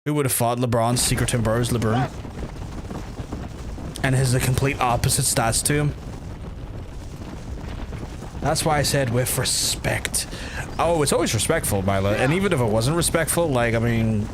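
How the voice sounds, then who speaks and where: A man with a Belfast accent rambles and jokes to his chat while he plays, cursing freely between asides. His voice sits at a middling pitch. Clear game noise with hoofbeats and gunfire runs under his talk. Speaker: game streamer. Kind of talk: casual gameplay commentary.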